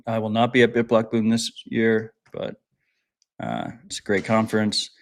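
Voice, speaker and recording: A man's voice: fairly low pitch, little pitch movement, moderate pace, creaky. A man hosting a podcast in casual banter, blunt and profane, pushing sponsor codes with enthusiasm. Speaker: podcast host.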